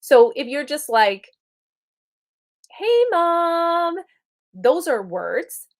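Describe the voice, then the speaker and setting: Earnest, fairly high-voiced woman teacher. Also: animated, slow, creaky, darkish tone. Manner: earnest, conversational, checks in with "right?". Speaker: spiritual teacher. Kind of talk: spiritual teaching talk.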